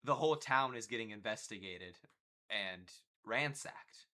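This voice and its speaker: A man's voice: fairly low pitch, lively intonation, a little slow, bright, forceful tone. A man hosting a podcast interview, speaking emphatically and bluntly. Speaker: podcast host.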